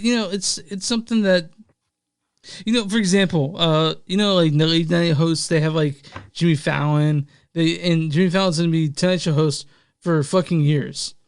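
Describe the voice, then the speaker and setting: Smooth, fairly high-voiced guy co-hosting a chill podcast, rambly, swears casually. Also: dry recording, studio quality. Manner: rambling, lots of fillers, laughs easily, swears casually. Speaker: podcast co-host and editor.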